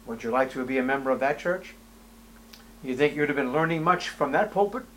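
A man preaching an expository sermon, reading scripture aloud in old wording and firing rhetorical questions, his voice swinging from loud to hushed. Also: medium pitch, fairly quick, slight background noise. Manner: reads scripture aloud in King James wording.

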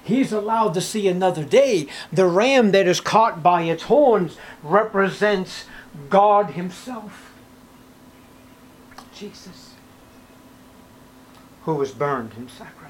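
High-pitched preacher guy telling a bible story, keeps asking the crowd questions, goes almost to a whisper sometimes. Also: lively intonation, takes it slowly, pauses often, a little hiss or hum. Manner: dramatic storytelling, drops to hushed near-whispers for emphasis; asks the listeners rhetorical questions. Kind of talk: sermon.

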